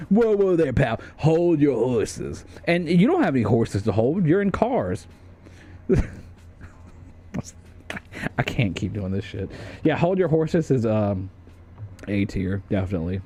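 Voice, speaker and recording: A man's voice: a little high, darkish tone. A young man streaming, chatting casually in a jokey, profane way.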